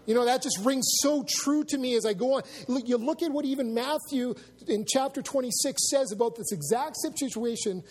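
Pastor guy with a high raspy voice, chatty sermon, big echoey church hall. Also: moderate pace, hardly any pauses, darkish tone. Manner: conversational preaching with asides to the congregation. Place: church sanctuary.

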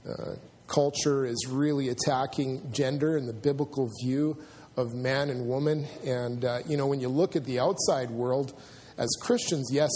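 A man preaching a sermon in a church, earnest and halting, often restarting his sentences and filling pauses. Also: mid-range voice, dark tone, slight background noise. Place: church sanctuary.

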